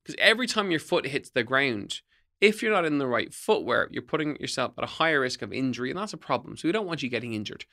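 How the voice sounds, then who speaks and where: Bright-voiced fitness podcast host. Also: male voice, mid-range voice, big pitch swings, fast. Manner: emphatic, repetitive, coaching tone. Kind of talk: solo podcast talk, tips.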